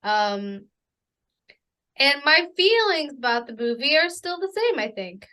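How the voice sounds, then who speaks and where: A woman's voice: sits high, big pitch swings, measured pace, sharp tone. A woman co-hosting a podcast, chatting casually and playfully, easily flustered by teasing. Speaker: podcast co-host. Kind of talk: casual chat.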